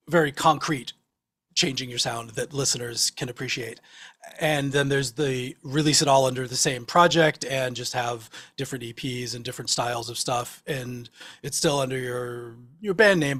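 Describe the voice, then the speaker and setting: A man's voice: medium pitch, fairly bright tone. Thoughtful man musing as co-host. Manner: thoughtful, searching, many fillers. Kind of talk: casual chat on a video call.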